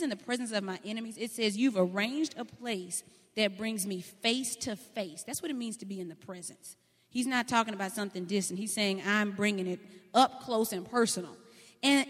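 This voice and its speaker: Folksy woman preaching in a hall. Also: on the high side. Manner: folksy, animated storytelling with laughter. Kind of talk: sermon. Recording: long hall reverb.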